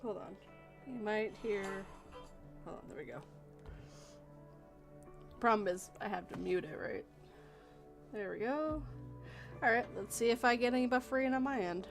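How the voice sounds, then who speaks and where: A woman hosting a casual live-stream chat, talking in a playful, animated way and breaking off to coo at her dog. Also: a little high, moderate pace, creaky, long pauses, faint music behind. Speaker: podcast host.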